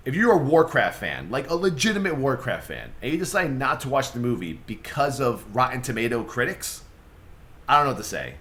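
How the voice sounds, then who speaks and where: A man's voice: medium pitch, fairly bright tone. A young man hosting a casual vlog, rambling and swearing with lots of fillers and restarts. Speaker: streamer and vlog host.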